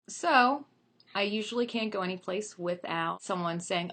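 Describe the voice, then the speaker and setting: A woman's voice: fairly low pitch, normal speed, fairly bright tone. A woman in her thirties, telling a joke and then chatting playfully about herself and her work. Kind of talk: storytelling to an audience.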